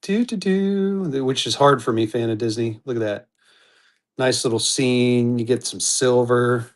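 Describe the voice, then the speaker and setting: A live online auction host speaks in a medium-pitched voice that barely rises or falls, keeping a moderate pace. He rambles chattily, restarts his sentences, and addresses his viewers directly by name.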